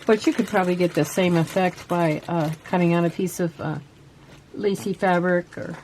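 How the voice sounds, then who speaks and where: Woman, lower voice, relaxed craft-video host, soft asides, light background hiss. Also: moderate pace. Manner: soft-spoken, chatty, trails off while working. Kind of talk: casual crafting tutorial.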